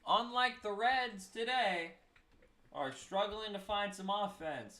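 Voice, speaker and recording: A man's voice: high voice, slow, sharp tone. A young man giving casual live baseball play-by-play, tired and yawning, with self-mocking asides between the calls. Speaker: play-by-play streamer.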